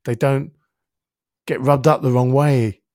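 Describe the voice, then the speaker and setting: A man's voice: mid-range voice, steady tone, takes it slowly, a little mellow, no room sound, clean studio sound. A middle-aged man, a podcast guest, telling a personal story vividly and acting out his own inner voice, with casual swearing. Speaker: interview guest, helps people with their thinking. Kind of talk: reflective storytelling in a podcast conversation.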